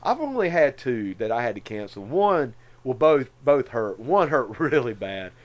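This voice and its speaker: A middle-aged man, co-hosting a podcast and telling a story in a slangy, animated way, laughing often and calling the others man and dude. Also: medium pitch, normal speed. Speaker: podcast co-host. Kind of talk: casual storytelling chat.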